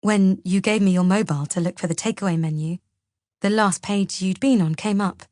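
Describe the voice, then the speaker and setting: A woman voicing a worried young husband who talks softly and pleadingly. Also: medium pitch, fairly quick, no room sound, studio quality, lightly acted.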